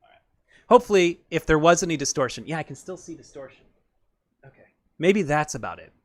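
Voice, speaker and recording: Chatty man with a higher voice. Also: animated, a little fast. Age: 30s. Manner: chatty, rambling, self-correcting. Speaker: singer hosting a live stream. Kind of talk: casual chat between songs. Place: room at home. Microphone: studio microphone.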